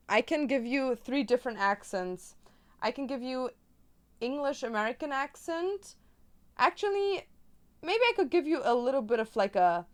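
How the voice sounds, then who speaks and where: A woman's voice: high voice, expressive, moderate pace. A young woman whose first language is German, chatting casually and playfully while crafting on a stream.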